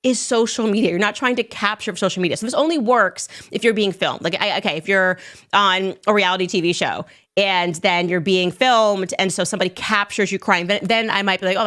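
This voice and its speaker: A woman hosting a casual commentary show, talking in a sarcastic, animated way and laughing as she talks. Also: medium pitch.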